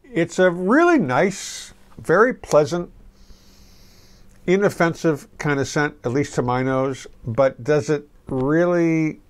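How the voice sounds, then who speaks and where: A middle-aged man giving a casual, rambling fragrance review to camera, relaxed and full of restarts. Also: fairly high pitch, takes it slowly.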